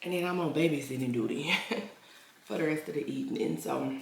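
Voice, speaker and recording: A woman's voice: low voice, fairly quick. A young woman, vlogging in a chatty, emphatic way and repeating her lines. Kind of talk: casual chatty vlog. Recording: echoey room with clear background noise.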